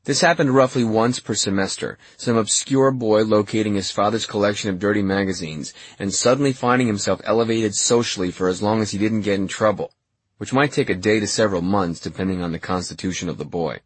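A husky, low male voice reads an audiobook in a measured, wry storytelling manner. It is recorded close on the mic, dry and without room sound. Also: dry recording. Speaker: audiobook narrator. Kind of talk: scripted narration.

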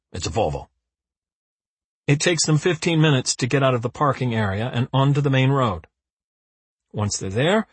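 A man narrating an audiobook with a lively, dry comic storytelling manner. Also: mid-range voice, slightly rough, no echo.

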